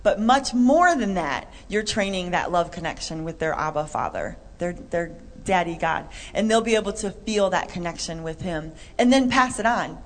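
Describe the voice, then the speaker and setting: A woman co-hosting a Christian talk show, chatty and animated, acting out little quotes. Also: on the low side, normal speed, few pauses. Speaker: co-host. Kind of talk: Christian podcast chat.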